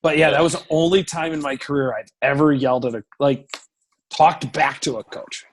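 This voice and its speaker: A man in his thirties tells locker-room stories in a fairly high voice. He talks casually and profanely, and jumps into loud acted-out lines when he quotes the shouting. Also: normal speed, slight background noise. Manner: profane, animated storyteller who acts out shouting. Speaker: professional hockey goaltender, podcast guest. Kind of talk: casual storytelling interview.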